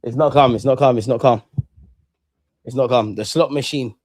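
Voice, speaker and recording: A man's voice: medium pitch, fairly even intonation, normal speed, darkish tone, dry recording. A young man, chatting slangily and sounding bored through live football commentary. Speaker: football watchalong streamer. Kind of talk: casual live match commentary.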